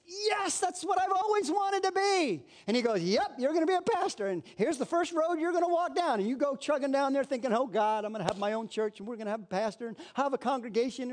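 Guy preaching a sermon, really high voice, acts out the voices. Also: lively intonation, fast, few pauses, a little mellow. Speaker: pastor.

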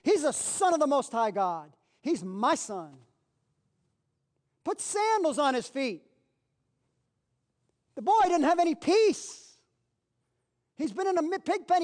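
A man preaching a sermon, animated, acting out the people in the Bible story and repeating phrases for emphasis. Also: very high-pitched, slow, pauses often.

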